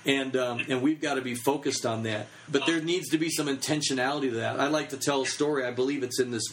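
A man's voice: mid-range voice, quick pace, slight background noise, low-quality recording. A man in his thirties giving a casual teaching talk on children's ministry, chatty and full of fillers.

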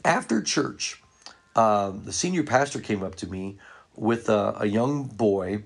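A man's voice: fairly low pitch, lively intonation, unhurried, creaky. A man who leads church ministry, telling earnest stories to fellow ministry workers. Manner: earnest anecdotal storytelling. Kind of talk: storytelling talk to ministry workers.

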